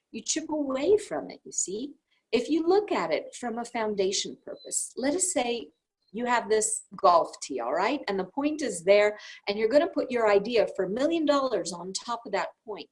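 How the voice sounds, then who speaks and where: Woman reading a workbook transcript out loud, kinda husky, voice goes all over the place. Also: mid-range voice, low-quality recording. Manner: lively, expressive reading with speaker labels. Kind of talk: reading aloud a class transcript.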